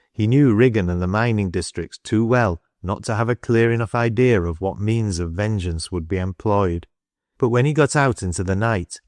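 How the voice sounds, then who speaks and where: Male audiobook narrator, low, unhurried, dry studio. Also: no echo. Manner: steady, unhurried storytelling. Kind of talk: scripted narration.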